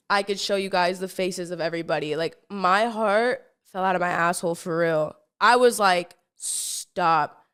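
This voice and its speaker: A woman's voice: medium pitch, clean tone. Chatty young woman telling a wild story. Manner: breathless, filler-heavy, repeats words; animated, swears freely. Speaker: podcast host. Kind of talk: casual storytime monologue.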